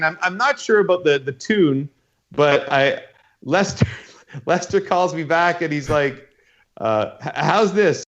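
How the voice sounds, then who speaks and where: A man hosts a podcast in a loose, rambling way and acts out voices as he tells a story. His voice sits a little high. The sound is dull and lo-fi. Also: moderate pace, fairly bright tone. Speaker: podcast host. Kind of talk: casual chat, telling a dream story.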